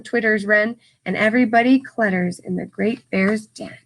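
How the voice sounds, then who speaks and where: A woman reading a picture book aloud to children, stopping to explain words in simple terms and adding lively asides and sound effects. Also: a little high, moderate pace.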